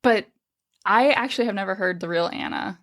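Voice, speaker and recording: A woman's voice: mid-range voice, brisk, a bit bright. A woman co-hosting a podcast in casual chat, chatty, laughing often and swearing freely. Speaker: podcast co-host.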